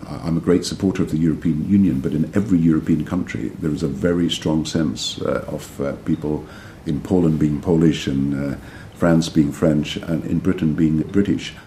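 A male politician answering in an interview, hesitant with frequent pauses and restarts. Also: rumbling low, fairly even intonation, mellow, a little hiss or hum.

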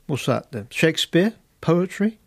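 Casting: man reading gruff factory boss, plain delivery, creaky tone. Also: on the high side, big pitch swings, measured pace, no room sound, voice pushed up, full character voice. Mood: blunt. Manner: plain reading, no accent attempted. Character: blunt middle-aged male factory boss.

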